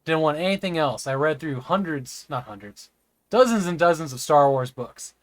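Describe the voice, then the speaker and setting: A man's voice: a little high, lively intonation, normal speed, no room sound. A man streaming a game live, rambling and chatting with viewers, sometimes stammering over words. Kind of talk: live gameplay stream chat.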